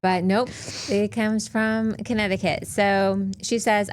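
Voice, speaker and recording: A woman's voice: medium pitch, fairly even intonation, slow. A woman co-hosting a podcast, reading a listener's story aloud with dry asides in casual chat. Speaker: podcast co-host.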